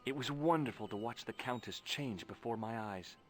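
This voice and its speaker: A man's voice: medium pitch, moderate pace, soft background music, natural voice. An actor voicing a curious, wry young male adventurer in a video game, talking casually and inquisitively. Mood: reflective. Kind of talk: video game voice acting with narration.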